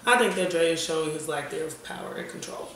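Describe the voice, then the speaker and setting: A woman co-hosting a casual TV review chat, relaxed and opinionated, often talking over her partner. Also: sits low, fast talker, a crowd in the background. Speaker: podcast co-host. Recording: echoey room, mic far off, faint noise.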